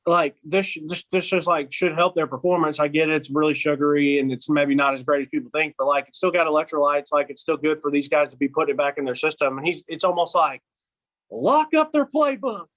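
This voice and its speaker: Young male co-host, slightly high voice, relaxed filler-heavy chat. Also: fast, few pauses, low-quality recording. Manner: loose, filler-heavy, agreeable. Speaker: podcast co-host. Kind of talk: casual chat.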